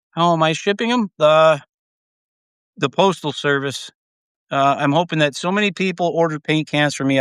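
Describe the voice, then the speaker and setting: Recorded dry with studio quality, this man's mid-range voice has a slightly bright, clean tone. Hosting a livestream, he talks in a loose, rambling way, cursing freely, laughing a lot, and often trailing off before starting again.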